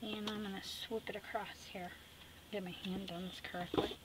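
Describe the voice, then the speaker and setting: A middle-aged woman hosting an art tutorial, chatty and teasing, narrating as she paints and dropping into soft whispered asides. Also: medium pitch, flat delivery, normal speed, background noise.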